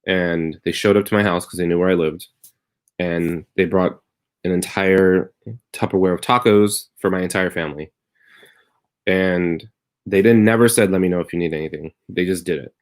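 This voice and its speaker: Deep-voiced man rambling through a story. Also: fairly even intonation, moderate pace, clean tone. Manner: rambling storytelling, turning wry then tender. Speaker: comedian hosting a live stream. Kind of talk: casual confessional monologue. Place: his bedroom at home.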